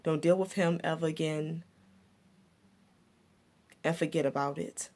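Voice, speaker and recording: A woman's voice: low-pitched, steady tone, measured pace, darkish tone. A woman vlogger telling a personal story from her past in a reflective, repetitive way, with stumbling restarts. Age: adult looking back on her younger years.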